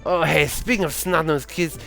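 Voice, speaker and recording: Guy doing a drunk grumpy old santa, fake european accent, slurry and gravelly, kinda higher voice. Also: moderate pace, bright, forceful tone, soft background music. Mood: grumbling. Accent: vague put-on European accent. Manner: slurred, boozy rambling with sudden outbursts. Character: drunk foul-mouthed old Santa, bitter and rambling. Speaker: streamer voicing a game character.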